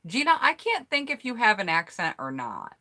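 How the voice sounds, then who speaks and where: A woman's voice: mid-range voice, huge pitch swings, moderate pace, pushed and bright. An American woman hosting a casual live stream, reading out viewer comments and answering in a blunt, candid, chatty way. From United States.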